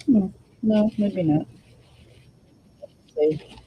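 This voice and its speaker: A woman's voice: medium pitch, drawn-out words, breathy edge, dull audio. A woman hosting a casual crafting demo, thinking aloud and chatting to her viewers while she works. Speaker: crafting channel host.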